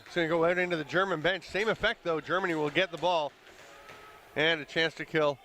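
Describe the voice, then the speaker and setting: A man calling a live lacrosse game play by play, brisk and conversational, with the odd chuckle. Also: on the high side, fairly even intonation, bright, forceful tone, slight background noise. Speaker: play-by-play commentator. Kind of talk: live sports commentary.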